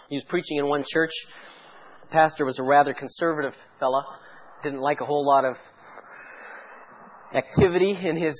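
A pastor preaching a sermon with fervent, pleading intensity, firing off rhetorical questions at the congregation. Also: male voice, mid-range voice, muffled recording, slight background noise.

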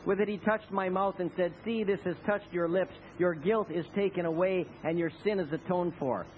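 A man's voice: sits high, steady tone, normal speed. A man preaching a sermon with passion, leading the congregation in spoken responses. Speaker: pastor. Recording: tinny phone-like recording with faint noise.

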